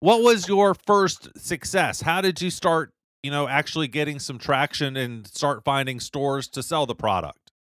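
A man interviewing a guest, relaxed, asking short friendly questions. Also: on the high side, unhurried, few pauses, no room sound, clean studio sound. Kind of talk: conversational interview.

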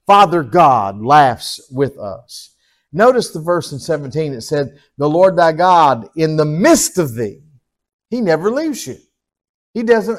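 A middle-aged pastor, his voice sitting a little high for a man. He preaches in a homey, folksy way, calling on the congregation, sinking to a soft low hum, then swelling into loud exhortation. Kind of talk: sermon.

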